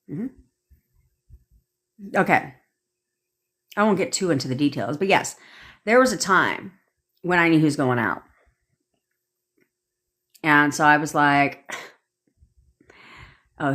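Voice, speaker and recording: A woman's voice: low voice, fairly bright tone. A woman manifestation coach on a live stream, ranting bluntly and swearing casually while answering viewers' comments.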